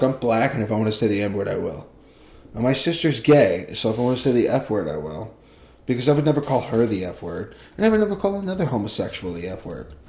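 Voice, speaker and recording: A man's voice: lowish voice, a little mellow. A young man co-hosting a podcast, ranting and joking in a loose, profane, rambling way. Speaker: podcast co-host. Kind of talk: casual podcast chat.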